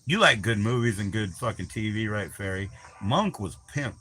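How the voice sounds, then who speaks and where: Male streamer, bright edgy voice, rambling and foul-mouthed, teases his viewers off the cuff. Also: fairly low pitch, expressive, normal speed, husky. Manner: crude, rambling, teasing, swears constantly. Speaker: livestream host. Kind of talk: rambling live-stream chat.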